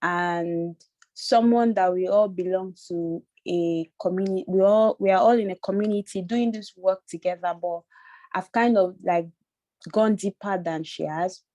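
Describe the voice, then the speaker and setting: A woman from Nigeria sharing a personal story on a video call, halting and tearful, with many restarts. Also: fairly low pitch, mellow, no room sound. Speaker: workshop participant.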